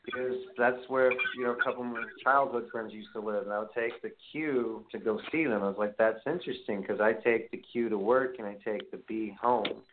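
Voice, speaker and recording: Speaking fairly quickly in a steady, fairly low voice, this podcast host from Brooklyn runs a casual call-in interview. He has a New York accent and tells rambling stories full of profanity over a tinny phone line with faint noise.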